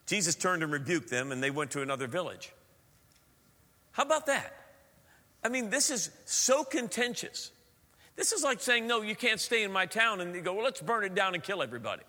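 Animated preaching pastor in a reverberant hall. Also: male voice, high voice. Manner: animated preaching with playful asides. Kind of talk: sermon.

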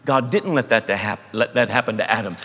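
A man preaching a sermon, emphatic, moving between loud bursts and hushed asides. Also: on the low side, lively intonation, brisk, slightly rough. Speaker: pastor. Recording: long hall reverb.

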